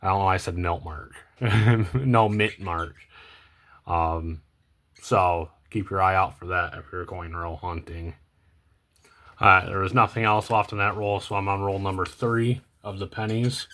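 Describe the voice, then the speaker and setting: A very deep-voiced young man talks through what he is sorting in an easygoing, unscripted way. He hesitates, restarts his sentences and fills pauses with ums. His phrases often sink to a low mumble at the end. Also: steady tone. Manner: rambling, hesitant, many ums and self-corrections; low-key, trails off quietly at phrase ends. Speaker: coin collecting vlogger. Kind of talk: casual unscripted commentary while sorting coins.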